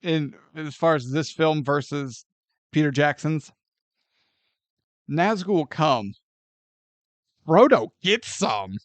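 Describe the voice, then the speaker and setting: High-pitched guy on a movie review podcast, super animated, laughs a ton, dry sound. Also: takes it slowly, long pauses, no room sound. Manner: animated, laughing often, acting out characters' lines. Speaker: podcast co-host. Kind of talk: casual film review chat.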